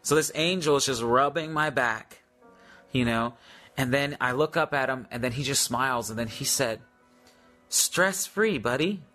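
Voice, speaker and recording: Bright-voiced man praying healing declarations. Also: medium pitch, steady tone, normal speed, faint music behind. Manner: declaring, repetitive, with many fillers. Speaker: minister. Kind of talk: healing prayer and testimony.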